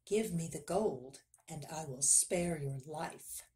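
A woman's voice: mid-range voice, sing-song, unhurried. A woman voicing a greedy, cruel king with a nasal voice who gives orders coldly. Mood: menacing. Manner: commanding, quiet and dangerous. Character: cruel greedy male king, cold and menacing.

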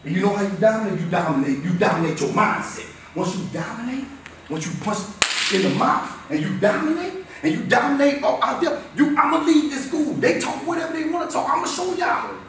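A man in his fifties giving an emphatic, repetitive motivational talk to a school team in a locker room, swinging between shouting and low, intense stretches. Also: lively intonation, a little fast. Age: 50s. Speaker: motivational speaker. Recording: very echoey room, voice far off, faint noise.

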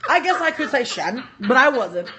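A woman telling a story on a casual livestream, animated, joking and profane. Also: high voice, normal speed, noisy background. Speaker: livestream host.

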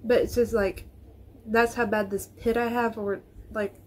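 A woman's voice: on the high side, flat delivery, measured pace, a little hiss or hum. A woman vlogger chatting to viewers in a casual reaction video, nervous and rambling, recorded on her phone.

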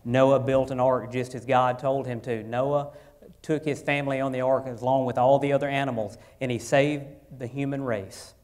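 A man preaching a sermon, his voice swelling louder on key phrases and dropping low between, with frequent restarts. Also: fairly even intonation, moderate pace. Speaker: pastor.

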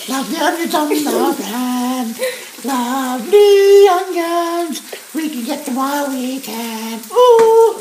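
A woman's voice: very high voice, exaggerated voice. A woman voicing a silly male puppet cook in a put-on accent, sing-song and hamming it up. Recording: echoey kitchen with frying noise.

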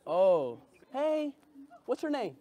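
A young man chatting excitedly on a vlog, his voice sitting very high and swooping up and down with lively energy. He talks loud, bursts into shouts, and keeps the energy wild throughout. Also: slow pace. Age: young adult. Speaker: streamer.

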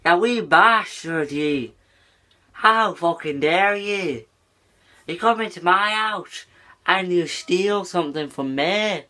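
A man's voice: sits high, slow pace, bright, forceful tone, voice pushed up, full character voice. A man putting on a Scottish accent to voice a foul-mouthed, angry, threatening Scotsman. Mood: menacing. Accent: Scottish (put on). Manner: threatening, swearing.

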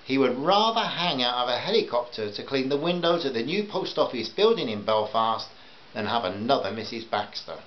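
A man's voice: mid-range voice, very animated, moderate pace. A man reading a humorous short story aloud in a dry, wry manner. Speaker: narrator. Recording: dull lo-fi home recording with hiss.

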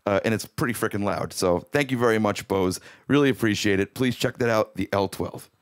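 A man's voice: on the low side, fairly quick. A man hosting his own music live stream from a home room, chatting casually and rambling as he greets viewers by name.

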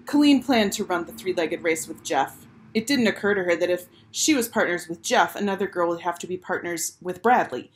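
A woman teacher reading a children's chapter book aloud with clear, expressive storytelling. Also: lowish voice, a little fast.

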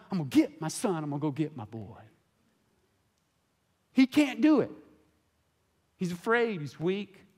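An impassioned male pastor delivering a sermon in a church sanctuary, his voice sitting a little higher than most men's. He moves between near-whispered stretches and loud, ringing passages as he preaches.

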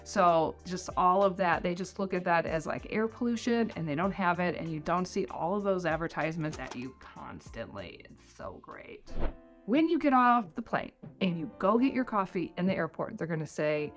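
A middle-aged American woman vlogging tips on life abroad, in a rambling, chatty way full of "like". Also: on the low side. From United States. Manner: chatty, rambling, heavy use of "like". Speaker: vlogger giving tips on life in New Zealand. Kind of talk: casual talking-head vlog. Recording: faint music underneath.

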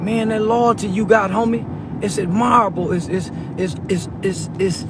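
Here an online personality speaks to a peer, his voice high but steady and his pace normal, with noise in the background. Tearful and facing the camera, he stumbles over repeated words in a heartfelt, pleading monologue.

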